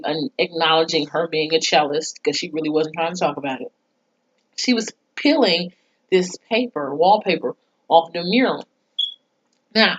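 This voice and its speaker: A young woman with a low-ish, slightly bright voice comes through a muffled recording. A TV reviewer, she casually recaps an episode, chatty and profane, acting out the characters' lines along the way.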